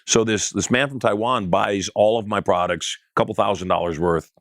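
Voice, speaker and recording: A middle-aged man recounts his story as an interview guest in a low voice. He talks with animation and acts out the other people's lines. The sound is dry and close. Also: fairly quick, a bit bright, no room sound.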